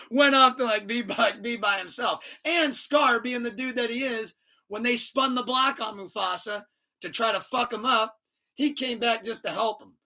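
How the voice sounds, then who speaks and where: A man hosting a casual podcast, telling stories in an animated, profane way and laughing often. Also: very high voice, normal speed, vocal fry. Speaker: podcast host.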